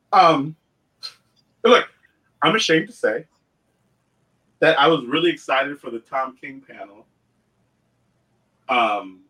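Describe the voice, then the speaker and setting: A man co-hosting a casual podcast chat, animated, often laughing and quoting himself. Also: mid-range voice, rough recording. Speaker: co-host.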